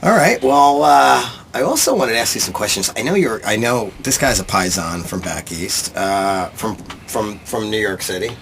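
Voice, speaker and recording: A man's voice: on the low side, lively intonation, moderate pace, vocal fry, hardly any pauses, a bit bright, a little hiss or hum. A man hosting a casual podcast interview aboard a sailboat, easygoing and encouraging toward his guest. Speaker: podcast host.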